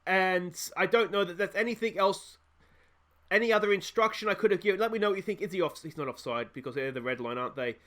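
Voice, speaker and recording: A man with an Australian accent giving excitable let's play commentary, fretting over tactics aloud and shouting when goals go in. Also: high-pitched, fast talker. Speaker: gaming YouTuber.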